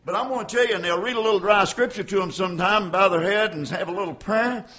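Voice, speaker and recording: An older man preaching a folksy sermon, calling out to his congregation by name and swinging between quiet storytelling and shouting. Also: high-pitched, fast talker, hardly any pauses, highs cut off.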